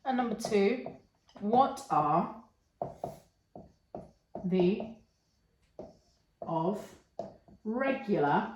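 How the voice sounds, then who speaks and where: Slow, patient woman teaching. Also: mid-range voice, animated, a little mellow, a little hiss or hum. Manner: patient, checks in with okay and yeah. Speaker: English teacher. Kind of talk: online English lesson. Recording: echoey room.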